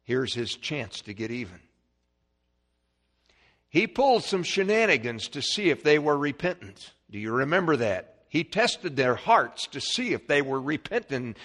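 A man preaching a sermon, emphatic, swinging from quiet passages to shouted ones. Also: a little high, very animated, moderate pace.

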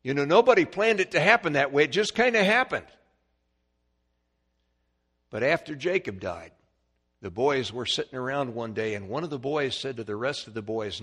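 A man preaching a sermon, emphatic, swinging from quiet passages to shouted ones. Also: mid-range voice, expressive, normal speed, husky.

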